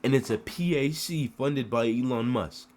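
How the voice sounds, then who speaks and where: A man's voice: medium pitch, moderate pace, a little mellow. A man from the United States giving an emotional political rant to the camera, full of rhetorical questions and repeated phrases.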